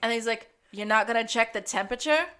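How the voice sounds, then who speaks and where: A woman's voice: fairly high pitch, fast. Woman, podcast co-host, casual recap, playful character bits, frequent laughter. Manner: animated, acts out characters' lines while recapping, laughs often.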